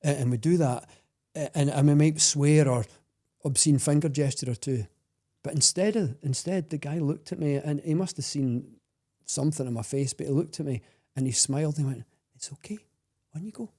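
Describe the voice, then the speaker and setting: Earnest Scottish man, mellow voice. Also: a little high. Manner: earnest, halting, many restarts. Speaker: guest. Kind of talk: personal storytelling in conversation.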